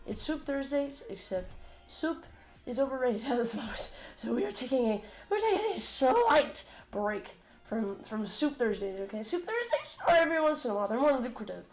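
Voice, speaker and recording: A woman's voice: high-pitched, big pitch swings, normal speed. An eighteen-year-old woman hosting a cooking livestream in her home kitchen. She has a cold that makes her voice crack, and she chats casually, joking and swearing playfully. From United States. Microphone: desk condenser mic.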